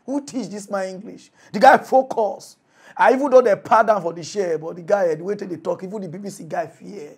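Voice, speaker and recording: A man with a high voice and a Nigerian Pidgin accent, hosting a comic mock news show. He is animated and mocking and bursts into exclamations. His delivery swings from playful grumbling to loud teasing. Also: a little fast, slightly rough. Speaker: comedy news host.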